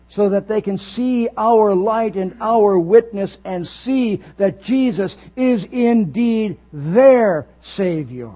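A man's voice: sits high, warm tone. A man preaching a sermon, earnest and emphatic, building his phrases as he goes. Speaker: pastor. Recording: dull lo-fi recording with faint mains hum.

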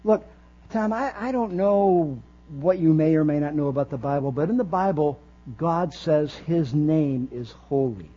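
A man's voice: a little high, measured pace, mellow. A man preaching a sermon, earnest and emphatic, building his phrases as he goes. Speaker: pastor. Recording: dull lo-fi recording with faint mains hum.

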